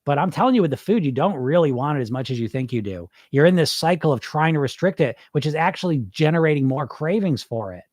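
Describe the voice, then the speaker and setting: Talking fast with barely a pause, a middle-aged weight-loss coach answers listeners on a live podcast in a blunt, informal style full of rhetorical questions. His voice runs high and slightly mellow, with lively intonation. The clean studio recording has no echo.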